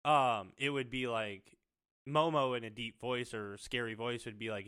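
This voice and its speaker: Animated, cursing young father. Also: medium pitch, normal speed, clear, resonant tone. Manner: animated storytelling, swears freely. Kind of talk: casual chat.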